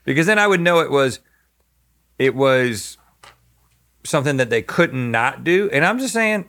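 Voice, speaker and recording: A man's voice: mid-range voice, expressive, normal speed, pauses often, a bit bright. A middle-aged man co-hosting a casual chat, earnest, laying out his view at length. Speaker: podcast co-host.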